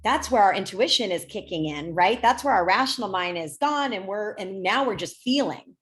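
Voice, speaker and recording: A woman's voice: medium pitch, lively intonation, normal speed, fairly bright tone. A woman dating coach chatting on a podcast, talking freely with many fillers. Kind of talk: casual podcast chat.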